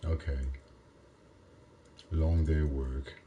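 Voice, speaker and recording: A man from Europe chatting casually, halting and repeating his words in non-native phrasing, with faint rain behind him. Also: extremely low pitch, flat delivery, dark tone, dull audio, a little hiss or hum. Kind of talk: casual one-sided chat.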